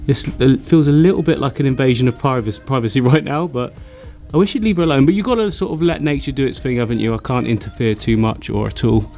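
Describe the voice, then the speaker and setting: A man vlogging about his aquarium, excitable and chatty, laughing often between remarks. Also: medium pitch, fast, hardly any pauses, soft background music. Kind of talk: excited casual vlog narration.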